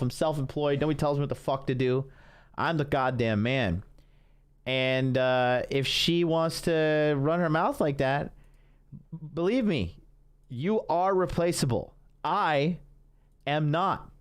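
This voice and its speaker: A man's voice: fairly high pitch, smooth. A man hosting a podcast, giving blunt, boastful commentary. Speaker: podcast host. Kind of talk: casual commentary.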